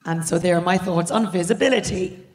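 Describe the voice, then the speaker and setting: A woman speaks in a slightly low voice. She tells quick, animated stories on stage. She is co-hosting a live podcast in a large hall. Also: heavy background noise. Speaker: co-host.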